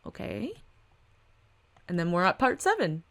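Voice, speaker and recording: A woman's voice: mid-range voice, sing-song, measured pace, creaky, a bit bright. A woman reading a webcomic aloud with casual, giggly commentary. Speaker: webtoon reader.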